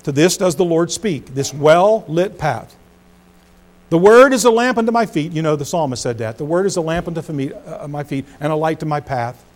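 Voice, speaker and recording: A middle-aged pastor preaching with a fairly high voice. He swings from loud, emphatic phrases down to low, hushed ones, and his pace speeds up and slows down as he drives each point home. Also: expressive. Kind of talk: sermon.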